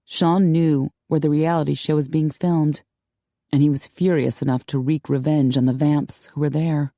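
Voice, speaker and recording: A woman narrating an audiobook in a calm, measured storytelling manner, close to a studio mic. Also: sits low, no echo. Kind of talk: scripted narration.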